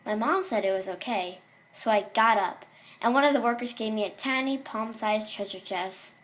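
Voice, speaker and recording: A woman's voice: fairly high pitch, moderate pace, fairly bright tone. A woman reading a horror story aloud in a casual way, with small slips and restarts.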